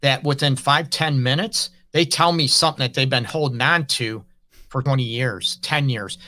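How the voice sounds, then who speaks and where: Bright, forceful male counselor host. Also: mid-range voice, normal speed. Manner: earnest, frank, speaks in loose run-on phrases. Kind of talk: conversational interview.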